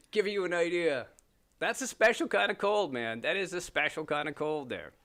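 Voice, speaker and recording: A man from Canada in middle age, guesting on a chat podcast. His voice is bright and pitched a little high, and he keeps slipping into quick impressions and laughter as he spins his stories. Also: animated. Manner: joking storyteller, laughs often, mimics voices. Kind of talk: casual chat.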